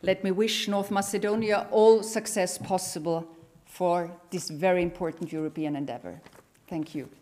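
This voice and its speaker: A middle-aged woman with an Austrian accent, giving a formal, emphatic introduction at an event, with pauses and self-corrections. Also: lowish voice, darkish tone, a little hiss or hum. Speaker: party leader giving an introduction.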